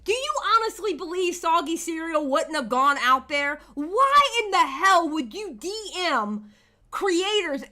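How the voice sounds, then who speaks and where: A high, bright-voiced woman hosts a reaction livestream, her pitch swinging widely as she rants in exasperation at people who aren't there. She takes her time, leaning on each word. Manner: exasperated, ranting at absent people. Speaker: commentary channel host.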